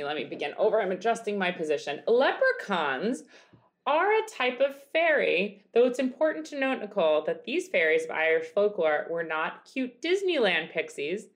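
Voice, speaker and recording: A tired woman in her thirties co-hosts a podcast, chatting casually in a laid-back way. Her medium-pitched voice swings widely in pitch at a moderate pace, and she swears often and fills her speech with "like."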